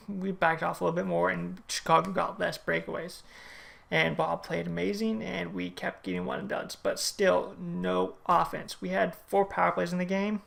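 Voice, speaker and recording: Fan-reaction vlogger: very gravelly voice, casual play-by-play recap with strong opinions. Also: medium pitch, fairly even intonation, moderate pace, fairly bright tone. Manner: play-by-play retelling, opinionated and chatty. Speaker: hockey fan reviewing a game. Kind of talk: casual game recap vlog.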